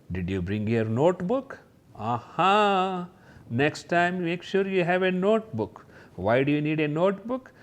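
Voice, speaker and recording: A man teaching a kindergarten lesson, talking gently and directly to young children and exclaiming over each picture. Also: fairly high pitch.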